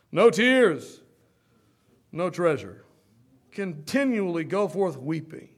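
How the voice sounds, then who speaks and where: A man preaching a sermon as pastor, swinging from loud emphatic bursts to soft storytelling. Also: fairly high pitch, sing-song, measured pace.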